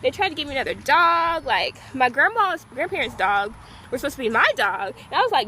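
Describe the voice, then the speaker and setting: A young woman from the Gulf Coast of Texas, telling a story in a casual vlog. She rambles, fills her talk with "like" and bursts into excited squeals. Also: high-pitched, moderate pace. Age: young adult. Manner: chatty and rambling, heavy use of "like". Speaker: vlogger.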